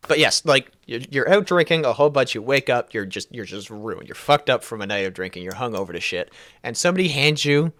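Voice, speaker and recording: A man's voice: mid-range voice, expressive, fairly quick, a bit bright, dry recording, studio quality. A man from Canada co-hosting a casual podcast, joking and rambling in a self-deprecating way. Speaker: podcast co-host. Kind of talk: casual chat.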